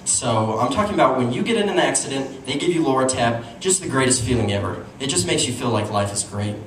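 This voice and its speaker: Speaking fast at a medium pitch, this young man from Utah works a comedy club crowd with animated stories and asides. The distant mic picks up a noisy, echoing live room full of laughter and ambient noise.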